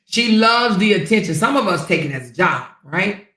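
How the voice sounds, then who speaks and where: A woman's voice: mid-range voice, expressive, normal speed, a bit bright. Female livestream host, brash and profane gossip commentator, roomy echo.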